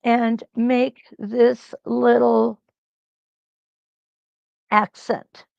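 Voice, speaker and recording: A woman hosting a live quilt-along, talking slowly and reassuringly as she thinks aloud through each stitching step. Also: on the high side, little pitch movement, vocal fry, a little mellow, no room sound, highs cut off. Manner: slow, reassuring, thinks aloud while sewing.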